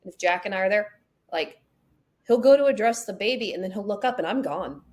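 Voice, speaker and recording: A woman hosting a podcast, chatting casually and telling animated stories in which she acts out the people in them. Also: medium pitch, fairly quick. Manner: animated storyteller acting out quotes. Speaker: podcast host. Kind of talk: casual conversation, storytelling.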